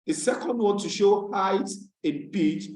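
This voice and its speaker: A fairly high-voiced man with a Nigerian English accent teaches over a video call and repeats key words slowly so students can follow. His voice rings in an echoey room. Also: a little mellow. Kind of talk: online tutorial lecture. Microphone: computer mic on a video call.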